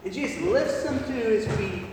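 A man's voice: very high-pitched, lively intonation, moderate pace, noisy background. A man preaching a sermon, retelling a Bible story and acting out its voices with animation. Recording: echoey hall, recorded from far off.

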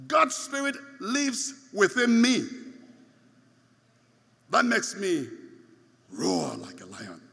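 A man's voice: high voice, sharp tone. A man preaching a sermon, stressing points by repeating phrases, heard in a large church hall. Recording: long hall reverb.

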